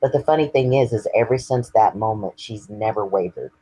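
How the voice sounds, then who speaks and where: A man's voice: on the low side, brisk, mellow, breathy edge, no room sound, poor audio. A man, earnestly sharing his personal story as an interview guest. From Texas. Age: 50s. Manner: earnest, candid and reflective.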